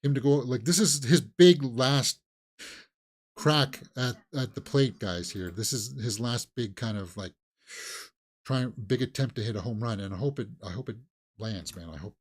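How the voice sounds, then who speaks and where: Animated rambling man talking movies. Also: medium pitch, normal speed. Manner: rambling, animated, mocking asides with put-on quotes. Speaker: movie news channel host. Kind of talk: casual solo commentary.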